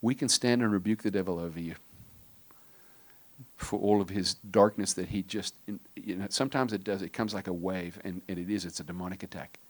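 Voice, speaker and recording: A middle-aged man preaching a sermon as a pastor, talking conversationally with jokey asides and dropping to a hushed, intense tone. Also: low-pitched, fairly quick.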